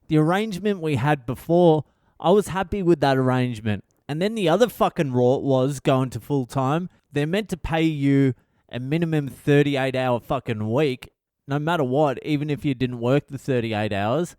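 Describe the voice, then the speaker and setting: A man's voice: fairly high pitch, normal speed, a little mellow, clear, resonant tone, dry recording, clean studio sound. A man, host of a casual solo comedy podcast, telling rambling stories laced with swearing. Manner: profane, rambling comic storytelling.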